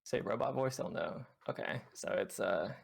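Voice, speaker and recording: Gravelly male game coach explaining. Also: lowish voice, moderate pace. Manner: patient, explanatory, many fillers. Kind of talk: reviewing gameplay with a student on stream.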